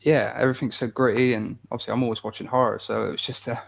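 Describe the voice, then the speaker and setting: A man co-hosting a film review podcast, talking in a halting, thoughtful way with many restarts. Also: mid-range voice, level tone, gravelly, slight background noise. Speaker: podcast co-host. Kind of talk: casual film review chat.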